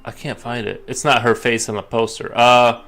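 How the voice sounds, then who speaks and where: A man's voice: medium pitch, little pitch movement, normal speed, a bit bright. A man chatting casually while drawing on a stream, rambling with lots of fillers and restarts.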